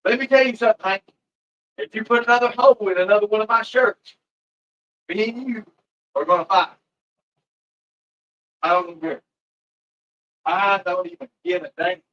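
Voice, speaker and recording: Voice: medium pitch, moderate pace, pauses often, fairly bright tone, lo-fi sound. A livestreamer, talking casually and profanely while scolding pets. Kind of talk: casual live-stream chat.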